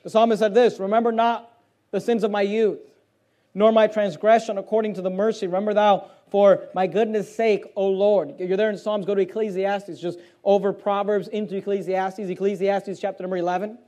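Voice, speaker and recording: A male preacher with a very high voice delivers a forceful, emphatic sermon. He reads scripture in quieter stretches, then rises again to drive his points home. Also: level tone, fairly quick. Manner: forceful, emphatic, shifts between loud preaching and quieter reading. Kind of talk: fiery sermon with scripture reading.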